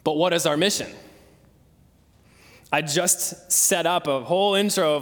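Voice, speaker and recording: Young guy preaching casually, kinda high voice, echoey church hall. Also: measured pace, long pauses, fairly bright tone. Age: 20s. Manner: earnest, conversational storytelling. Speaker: pastor. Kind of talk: sermon.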